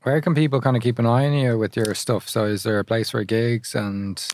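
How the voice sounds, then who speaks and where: A man's voice: medium pitch, steady tone, fairly quick, a little mellow. A man hosting an interview, asking hesitant questions and murmuring brief agreement. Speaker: podcast host.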